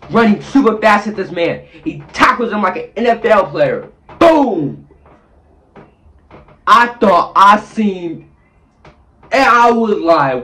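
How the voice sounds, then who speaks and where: A man's voice: a little high, sharp tone. A man vlogging a dramatic story from his bathroom, acting out scenes with sound effects and voices. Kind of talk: animated storytelling. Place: bathroom, sitting on the toilet.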